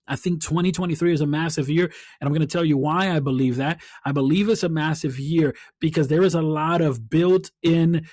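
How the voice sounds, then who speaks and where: A man's voice: fairly high pitch, brisk, few pauses, a little mellow, dry recording, clean studio sound. A man hosting his own coaching podcast, talking in an earnest, heartfelt way and often repeating words as he thinks. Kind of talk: reflective solo podcast talk.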